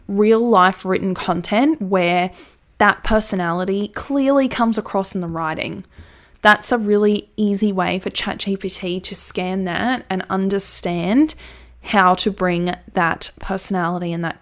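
A woman giving a casual, enthusiastic how-to talk about writing content, chatty and full of fillers. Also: medium pitch. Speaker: brand copywriting coach.

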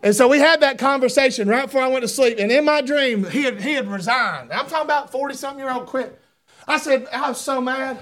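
Man preaching, middle-aged, really high pitched, gets loud then goes quiet. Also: fast. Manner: fervent, swings between loud shouting and hushed asides. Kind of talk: sermon.

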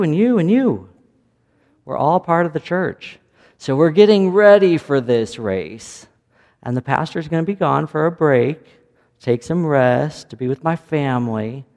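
A man's voice: medium pitch, a little mellow. A man with a Midwestern American accent, a pastor giving a playful children's sermon and asking the children questions. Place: church sanctuary. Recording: echoey church hall.

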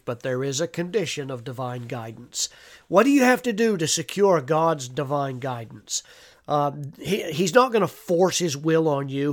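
A man preaching a devotional sermon, earnest, with frequent "uh" fillers and repeated words. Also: on the high side. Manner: earnest, reads scripture aloud with emphasis.

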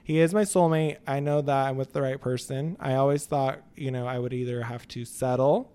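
A man's voice: medium pitch, moderate pace, clean tone. A man with a Texan accent, a salon owner co-hosting a casual podcast chat, telling playful stories with lots of laughter. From Texas. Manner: animated, playful storytelling with laughs.

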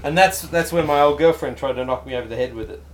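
A man co-hosting a podcast, chatty and quick to tell a story. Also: on the high side. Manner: chatty storyteller, laughs easily. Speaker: podcast co-host. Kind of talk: casual podcast chat.

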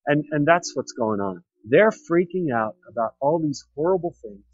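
A man giving a conversational sermon, retelling a Bible story with lively acted-out quotes and light laughter. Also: fairly high pitch, normal speed, no echo, dull audio. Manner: animated storytelling, acts out quoted speech. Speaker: preacher.

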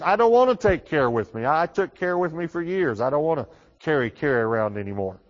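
Man preaching with big swings in volume. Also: sing-song. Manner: dynamic preaching, rises loud on key phrases then drops low and quick; repeats words and restarts often, conversational. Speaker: pastor. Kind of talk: sermon. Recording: dull reverberant hall recording.

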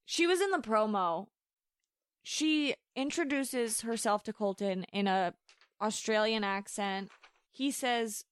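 A woman's voice: on the high side, slow, smooth, no echo. A young woman co-hosting a podcast, chatting casually with lots of "like" fillers and a playful tone. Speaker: podcast co-host. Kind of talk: casual chat.

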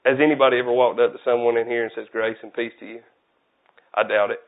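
A man's voice: mid-range voice, little pitch movement, fast. A man preaching a casual, conversational sermon, folksy and self-deprecating. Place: church. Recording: tinny phone-like audio.

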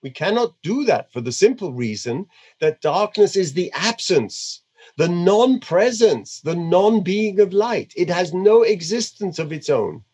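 A man putting on an Indian accent to voice a male guru, reading slowly and deliberately with stressed words. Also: high voice, expressive, a little mellow, breathy edge, heavily acted. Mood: solemn. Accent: put-on Indian.

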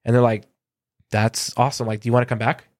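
A man from Southern California, a concert photographer, telling lively anecdotes in a casual interview and acting out quoted dialogue, with a lot of filler words. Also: mid-range voice, fast talker, no echo, studio quality.

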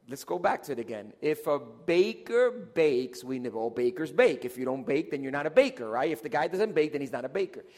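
A man's voice: fairly high pitch, a little mellow. A man preaching as pastor to his congregation, talking casually with repeated phrases and building to emphatic calls. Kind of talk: sermon. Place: church auditorium. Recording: long church hall reverb.

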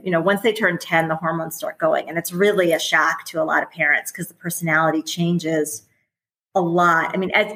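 A woman in her forties, once a teacher and now a parent, guests on a podcast, chatting candidly and laughing often in a relaxed interview. Her voice is lowish and a bit bright with vocal fry. The audio quality is poor.

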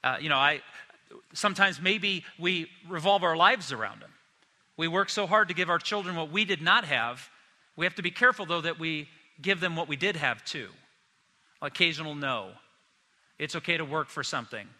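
A man's voice: fairly high pitch, moderate pace, bright, forceful tone, big-room sound. A man preaching a sermon to his congregation in a conversational way, often acting out the voices of people he quotes. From United States. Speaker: pastor.

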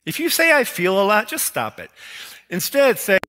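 Guy preaching a sermon, bright forceful voice, bit high, long church echo. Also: normal speed. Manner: energetic preaching with acted quotes and rhetorical questions. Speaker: pastor. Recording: long hall reverb.

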